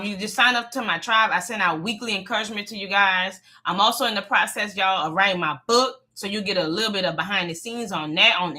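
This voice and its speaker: Bright, sassy woman livestreaming faith advice. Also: medium pitch. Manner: sassy, emphatic, preachy with laughs and asides to viewers. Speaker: livestream host giving life advice. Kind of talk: casual faith-based livestream talk. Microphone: phone or webcam livestream.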